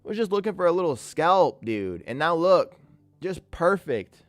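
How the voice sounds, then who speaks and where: A man's voice: a little high, very animated, measured pace, dry recording, faint music behind. A man giving live trading commentary, talking to himself about his trades, swearing a lot and sounding exasperated. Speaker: day trader streaming live.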